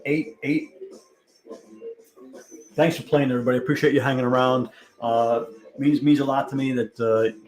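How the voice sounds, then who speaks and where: Reading incoming viewer answers on his live-stream trivia game, a man chats casually and thinks aloud. His voice is mid-range and a little mellow, captured in a rough recording.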